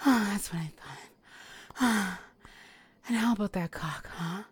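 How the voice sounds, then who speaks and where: A woman in a whispered role-play, teasing and giving commands between breathy whispers and sighs. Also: mid-range voice, takes it slowly, long pauses. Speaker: audio role-play performer.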